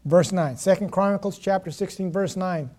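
A man preaching a sermon, reading scripture and stressing key words with pauses. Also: high voice, warm tone. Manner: slow, emphatic preaching with pauses and self-corrections.

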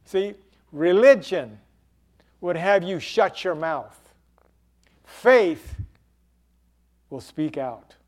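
A male preacher delivers a sermon in a high voice. He talks slowly and with drama, and he acts out the cries of the people in his story. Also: lively intonation.

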